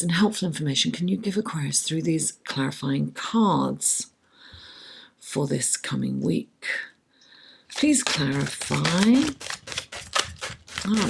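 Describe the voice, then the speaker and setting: Slow gravelly-voiced woman tarot reader. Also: low voice, slight background noise. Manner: chatty, affectionate, talks to the cards. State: losing her voice from the late hour. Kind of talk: casual tarot reading.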